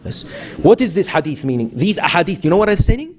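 A man's voice: high-pitched, very animated, fast talker, a little mellow. A man giving a sermon as a sheikh, telling stories with voiced quotes and asking the audience rhetorical questions. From Iran. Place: mosque hall.

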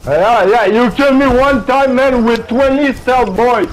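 A man's voice: extremely high pitch, measured pace, poor audio. A drunk man with a Quebec French accent, a native French speaker trash-talking another player in game voice chat, swearing and repeating himself. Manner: taunting, profane, repeats himself.

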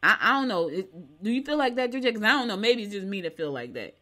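A middle-aged woman, co-hosting a morning show in casual chat, reading horoscopes and telling animated stories. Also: mid-range voice, fast talker. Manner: chatty, animated storytelling.

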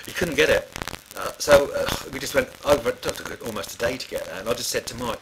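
A man's voice: mid-range voice, lively intonation, fairly quick, noisy background. A middle-aged man telling studio stories in a rambling, casual way, full of fillers and restarts. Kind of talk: casual spoken anecdote.

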